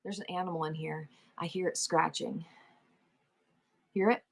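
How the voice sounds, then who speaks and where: Chatty forties woman on a selling livestream, rattling off auction numbers fast. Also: low-pitched, fairly even intonation, vocal fry, husky. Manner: chatty, practices rapid auctioneer-style number chants. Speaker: live-stream seller. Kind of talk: casual live-stream chat.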